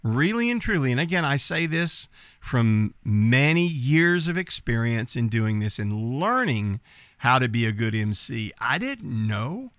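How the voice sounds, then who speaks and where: A middle-aged man with a light Texas accent, talking like a confident coach. His voice sits at an average pitch and jumps up when he stresses a point. The sound is close and dry. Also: sing-song, a little slow, fairly bright tone, no echo. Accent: light Texas accent, mostly neutral. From East Texas. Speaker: entertainment business coach, podcast host. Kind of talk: instructional podcast talk.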